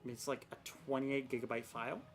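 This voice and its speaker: A woman's voice: very deep voice, level tone, fast, faint music behind. A young woman streaming a game, chatting casually and rambling with self-mocking exasperation about her technical troubles. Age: young adult. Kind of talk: casual live-stream chat.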